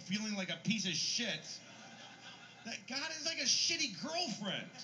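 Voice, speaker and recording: A man's voice: high voice, sing-song, a little slow, background noise. A man doing a stand-up comedy routine, telling stories in an irreverent, profane way.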